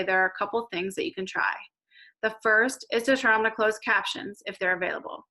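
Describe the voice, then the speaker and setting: A woman teacher giving a recorded reading lesson to young children, slowly sounding out letters and words. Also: mid-range voice, sharp tone, poor audio. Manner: slow, clear modelling of letter sounds.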